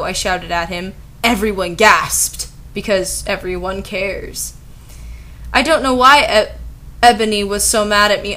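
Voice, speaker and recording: A woman's voice: medium pitch, a little slow, pushed and bright. A young woman giving a comedic dramatic reading with sarcastic, incredulous commentary. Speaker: video commentator.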